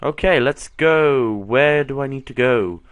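A man's voice: medium pitch, measured pace, clear, resonant tone, dry recording. A young man giving casual, sweary commentary while playing a horror game. He reads the game's dialogue aloud and makes sarcastic jabs at the characters. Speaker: let's play gamer.

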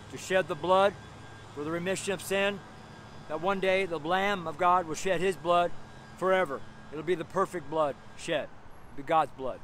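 A man's voice: fairly high pitch, a bit bright, slight background noise. An older man preaching a fervent street sermon outdoors by busy roads, exhorting and repeating his points. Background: passing cars.

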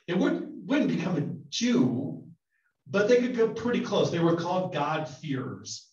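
A male pastor teaches a Bible study in an easygoing, joking way and often checks in with the group. His voice sits somewhat high. It sounds distant, with a roomy echo and a dull tone. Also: big pitch swings, unhurried, a little mellow. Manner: casual, joking, asks the group questions.

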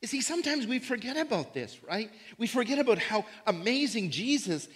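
A man preaching a sermon in church, animated and emphatic, repeating key phrases and acting out imagined listeners. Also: very high voice, fairly quick. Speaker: pastor.

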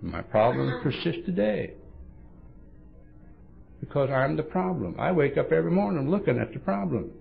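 A man with a gravelly, rough-edged voice tells stories from the podium in a blunt, wry way. His pitch swings widely as he acts out bits of dialogue. It comes through a dull, lo-fi tape recording. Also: sing-song, normal speed, pauses often, faint music behind. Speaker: recovery meeting speaker. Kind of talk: humorous storytelling talk.

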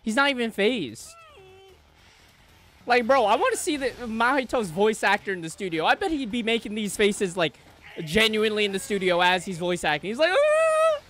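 A man reacting to an anime episode with excitable, profane slang, swinging between shouted outbursts and low mutters. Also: moderate pace. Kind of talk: live anime reaction commentary. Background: faint anime soundtrack music.

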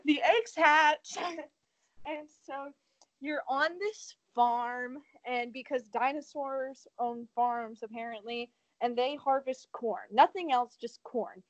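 A woman's voice: high voice, slow, dry recording. A woman co-hosting a podcast, recapping a film plot in a rambling, sarcastic way. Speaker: podcast co-host. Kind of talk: casual podcast chat.

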